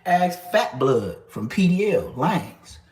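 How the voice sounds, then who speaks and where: A man's voice: on the high side, very animated, slow pace, a little mellow, reverberant. A man in his thirties telling stories in casual street slang, acting out other people's lines as he goes. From Los Angeles area. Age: 30s. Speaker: storyteller. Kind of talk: casual storytelling.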